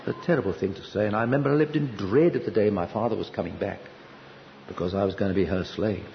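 An older man preaching a sermon at a conference, telling a personal story earnestly, with sudden lifts of pitch for emphasis. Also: quick pace, gravelly, slight background noise. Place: conference hall. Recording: dull, slightly lo-fi hall recording with reverb.

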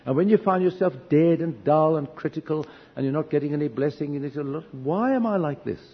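A man's voice: a little high, steady tone, fast talker, breathy edge. A man preaching a sermon in a church, telling stories from his own life in an earnest, self-deprecating way with wry humor. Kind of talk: storytelling sermon. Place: church hall. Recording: dull echoey church recording, faint hiss.

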